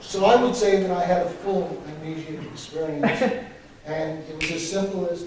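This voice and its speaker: A man's voice: fairly high pitch, steady tone, fairly quick, background noise. A man on a panel telling a self-mocking story with laughter. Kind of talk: anecdote at a panel discussion. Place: conference hall with an audience. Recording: very echoey, distant mic, crowd behind.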